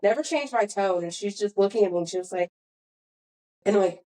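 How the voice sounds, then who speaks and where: Young woman, podcast host, casual storytelling, mid-pitched voice, circles back on herself. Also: fairly quick, warm tone, rough recording. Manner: rambling, self-correcting storyteller.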